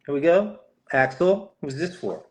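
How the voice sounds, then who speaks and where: A middle-aged man signs autographs on a live stream, chatting in a playful, jokey way as he writes. His voice is on the high side, animated and unhurried.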